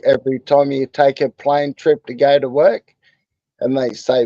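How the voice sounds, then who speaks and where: A man's voice: mid-range voice, steady tone, a little slow, mellow, dry recording, highs cut off. An Australian man hosting a livestream in crude, rambling casual chat, swearing constantly. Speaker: livestream host.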